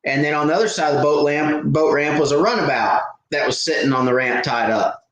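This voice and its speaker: Speaking fairly quickly, a man with a slightly high, steady, somewhat bright voice runs a live fishing Q&A. He tells his stories in a rambling, casual way, restarting often and leaning on fillers. Strong echo fills the room.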